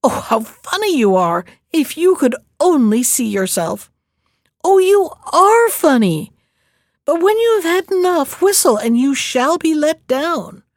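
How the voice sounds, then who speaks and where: A woman's voice: fairly high pitch, big pitch swings, measured pace, darkish tone, dry recording, studio quality, exaggerated voice. A woman voicing a cunning young male thief in a read-aloud storybook, speaking in a mocking, gleeful way.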